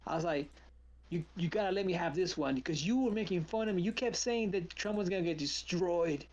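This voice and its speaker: Animated man telling stories on a stream. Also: high-pitched, brisk, lo-fi sound. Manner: animated storyteller, acts out quotes. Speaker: trading stream host. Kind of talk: casual chat on a live stream.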